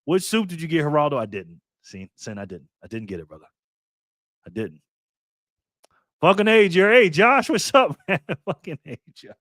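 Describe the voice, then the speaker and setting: At a normal pace, a very animated man with a fairly high, fairly bright voice hosts a casual livestream. He reads viewers' comments and hails them by name as "man" and "bro." The recording is dry, with clean studio sound.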